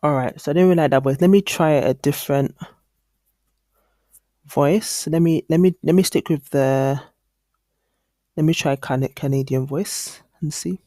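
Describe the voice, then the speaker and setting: A man walking through a screen-recorded software tutorial as an online course instructor, thinking aloud casually with frequent ums and restarts. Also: on the high side, unhurried, pauses often, no room sound, studio quality.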